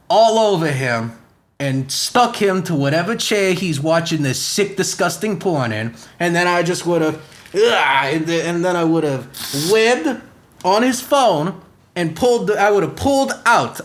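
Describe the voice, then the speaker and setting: A man's voice: fairly high pitch, lightly acted. A man playing Spider-Man as a profane, rambling superhero in a comedy podcast rant, firing off rhetorical questions in a put-on accent that keeps slipping. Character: brash profane young male superhero, ranting.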